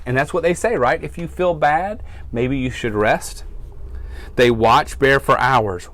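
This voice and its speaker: Lively firefighter reading to kids. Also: male voice, on the high side, a little slow. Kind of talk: reading a picture book to children.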